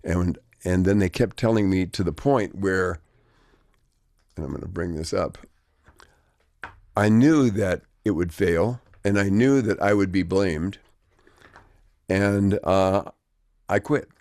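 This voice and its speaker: An older man with a low, gravelly voice spins rambling stories as a guest, wry and conversational. The sound is close and dry, with no room around it. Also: slow, pauses often, darkish tone, no echo. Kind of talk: anecdotal storytelling.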